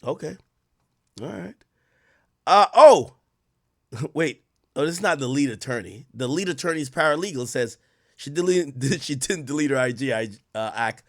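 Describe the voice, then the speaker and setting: A man doing casual live-stream commentary, reacting to clips and reading out donations, with loud animated outbursts. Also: fairly high pitch, normal speed, pauses often. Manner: animated, loud bursts of laughter and shouting, reads donations.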